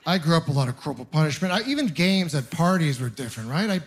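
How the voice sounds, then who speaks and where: A young man from Ontario performing a stand-up comedy set on a club stage, telling animated, self-mocking stories into a handheld mic. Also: fairly high pitch, fast. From Ontario, Canada.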